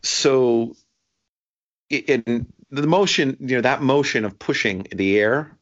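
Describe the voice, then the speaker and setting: A man telling a personal story in casual conversation, halting and restarting often and laughing as he talks. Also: medium pitch. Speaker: guest sharing a story. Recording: dull lo-fi sound.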